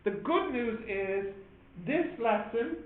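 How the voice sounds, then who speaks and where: A man's voice: extremely high pitch, expressive, slow pace. A man with an Irish accent teaching a maths class, chatty and joking as he explains patiently. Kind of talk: classroom lesson. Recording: echoey classroom on a tinny phone-like line.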